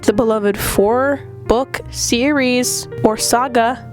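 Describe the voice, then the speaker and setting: A woman with a fairly high voice talks through a chatty video review, playful and theatrical, gushing over her subject. A slight vocal fry and roughness hang on her voice while she recovers from being sick. Faint guitar music plays softly behind her. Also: unhurried. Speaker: video essayist.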